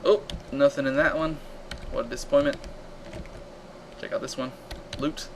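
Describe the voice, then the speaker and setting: Man, live-stream gamer, excitable, casual commentary, mid pitch, faint background hiss. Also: fairly quick, creaky, low-quality recording. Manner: excitable, reacting loudly to combat and reading chat aloud. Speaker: live-stream game host.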